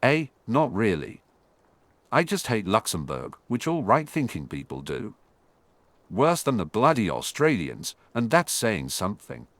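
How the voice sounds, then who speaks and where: Man voicing a jaunty wizard patrolman, blunt banter, low voice, lively, dry recording. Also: unhurried, no echo, exaggerated voice.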